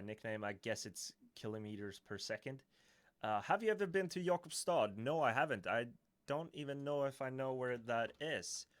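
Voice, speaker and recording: A man's voice: medium pitch, clear, resonant tone. A man with a Swedish accent hosting a casual live Q&A, rambling and correcting himself playfully. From Sweden. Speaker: livestream host.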